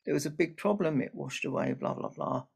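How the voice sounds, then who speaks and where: A man voicing a patient, kindly village mother in a told family story, gentle and reassuring. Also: fairly high pitch, sing-song, a little fast, vocal fry, breathy edge, exaggerated voice.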